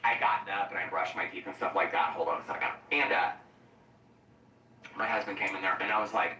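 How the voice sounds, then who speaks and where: Cooking in his kitchen, a weary YouTuber known for commentary chats fairly quickly in a fairly low, rather even voice with a bright, forceful tone. He laughs often and wanders off on tangents. The recording has roomy echo, a faraway mic and slight background noise.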